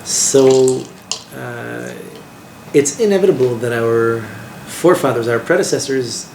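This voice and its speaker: A man, a rabbi, teaching an informal class in a lively way, asking his listeners questions and using Hebrew terms. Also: mid-range voice, unhurried, creaky. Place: classroom with a small group. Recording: echoey room with background noise.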